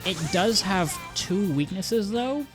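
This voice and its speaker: Slow-paced and animated, a man with a high voice chats his way through a casual let's-play, rambling, breaking off mid-thought, and laughing easily as game music plays in the background.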